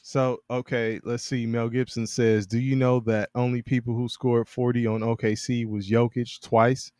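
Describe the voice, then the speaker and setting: Male sports podcast co-host: halting, restart-heavy delivery, laughs often, dry close mic. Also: medium pitch, level tone, darkish tone, smooth, dry recording. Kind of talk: casual sports chat.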